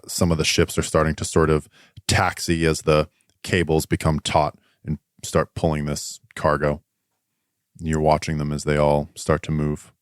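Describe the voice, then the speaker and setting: A man narrating a tabletop game as game master, pausing often with fillers. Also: a bass voice, clean tone, no room sound, clean studio sound. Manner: hesitant descriptive narration with many fillers.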